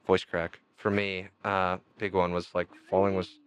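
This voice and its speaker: A Canadian man, a guest on a podcast, tells rambling stories in casual conversation, laughing often and jumping in pitch. His unhurried voice has a clean tone, though the audio sounds dull.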